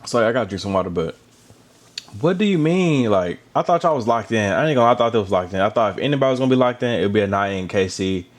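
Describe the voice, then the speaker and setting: Casual male recap host with a low voice, animated delivery, chatty asides. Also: fast. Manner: animated, chatty, with asides about drinking water and lotion. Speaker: reality show recap host.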